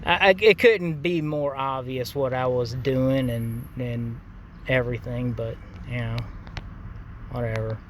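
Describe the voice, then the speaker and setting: A man's voice: medium pitch, fairly even intonation, a little slow, a little hiss or hum. A man telling a casual, profane anecdote in a laid-back way, full of fillers. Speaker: gaming channel host.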